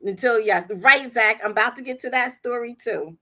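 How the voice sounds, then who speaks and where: Casually recounting a story on her livestream, a woman host laughs frequently and acts out people's quotes in a chatty way. Her voice is fairly high with a sharp tone, and she keeps a moderate pace.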